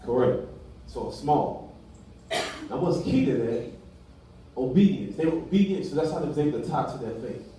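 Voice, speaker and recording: In a loose, conversational sermon, a male pastor voices different characters as he speaks in a church hall. He has a fairly high, mellow voice, sounds animated, keeps a moderate pace and pauses often. Captured from far off the mic in an echoey room, the audio carries a little background noise.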